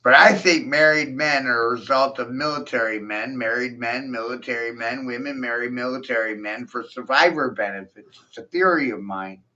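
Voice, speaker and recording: A man's voice: medium pitch, normal speed, few pauses, pushed and bright. A man in a profane, mocking rant, taunting his listeners and breaking into scornful laughs. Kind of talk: ranting monologue. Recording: dull lo-fi recording.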